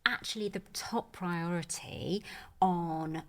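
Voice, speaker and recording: A woman's voice: fairly low pitch, slow, a bit bright. A woman speaking as a menopause expert guest on a podcast, earnest and reassuring, with plenty of "you know". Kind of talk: podcast conversation.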